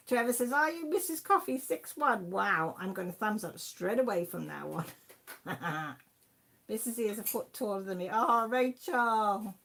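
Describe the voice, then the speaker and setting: Reading out viewers' names and comments, a Welsh livestream host in her fifties keeps things casual and chatty with frequent laughter. Her mid-range voice is unhurried and fairly bright, with slight background noise.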